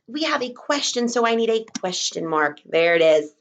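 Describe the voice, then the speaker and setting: A young woman teaching kindergarten remotely from home, speaking in a slow, encouraging, sing-song teacher voice and sounding words out. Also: fairly high pitch, big pitch swings. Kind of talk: remote lesson for young children. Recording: dull lo-fi recording.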